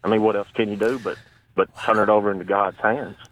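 A man on a radio show recounting a personal story in an earnest, casual way, often pausing and restarting. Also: on the low side, steady tone. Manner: earnest, with frequent fillers and restarts. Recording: tinny phone line.

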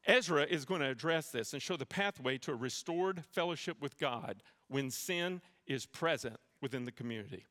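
A man's voice: on the high side, lively intonation, normal speed, hardly any pauses, fairly bright tone, big-room sound. A man preaching a sermon in a church, telling a personal story with self-deprecating humor before teaching from scripture. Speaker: pastor. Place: church sanctuary.

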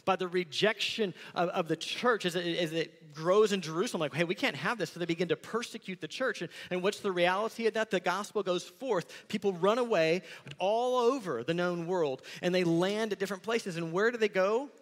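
A man preaching a sermon as pastor, conversational and animated, acting out quick asides. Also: high voice, in a large hall.

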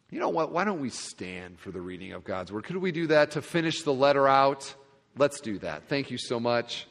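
A male pastor preaching a sermon to a congregation, expressive, dropping to quiet asides and rising to loud emphasis. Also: medium pitch. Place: large church sanctuary. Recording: long reverb of a large hall.

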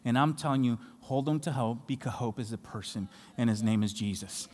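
A man from Latin America preaching a sermon as pastor, building passionately and rising to shouts on key phrases. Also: mid-range voice, a little fast. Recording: long hall reverb.

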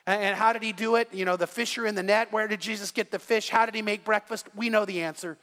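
A man's voice: high voice, steady tone, fast talker, a bit bright, in a large hall. A man preaching a sermon as the pastor, telling stories earnestly and often restarting his phrases. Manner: earnest storytelling with frequent repeated starts.

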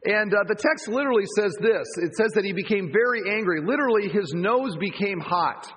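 A man preaching a sermon as pastor, telling the story vividly with lively asides. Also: high voice, brisk, husky. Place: church campus auditorium. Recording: long church hall reverb.

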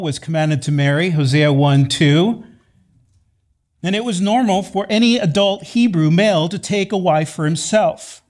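Emphatic male preacher, fairly high voice. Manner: measured, emphatic, repeats key phrases. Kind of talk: sermon. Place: church sanctuary.

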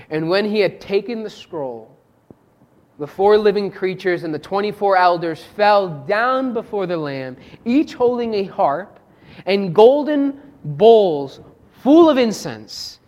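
Preacher delivering a reflective sermon, reading scripture with expressive swings from soft to emphatic, mid-range voice. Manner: expressive, swings between soft low asides and raised emphatic lines; reflective, asks rhetorical questions.

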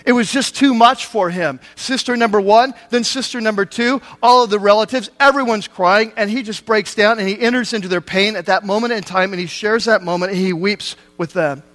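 A man's voice: sits high, a little fast, hardly any pauses, a bit bright. A man preaching a sermon, retelling a scripture story in everyday speech with rhetorical questions to the listeners.

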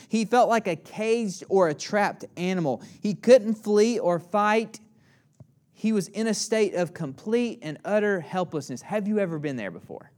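Earnest preaching man, fairly high voice. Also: darkish tone. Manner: earnest preaching with slow emphatic phrases and dropped-voice asides. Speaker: pastor. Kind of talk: sermon.

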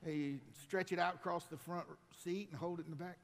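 A man preaching a sermon as pastor, building to shouted emphasis and dropping into folksy asides. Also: high-pitched, steady tone, a little fast, few pauses, big-room sound. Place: church sanctuary.

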